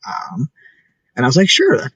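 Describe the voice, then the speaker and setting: A man's voice: medium pitch, moderate pace, fairly bright tone, slightly rough, dry recording, muffled recording. A young man talking casually and earnestly as an interview guest, full of "like" fillers.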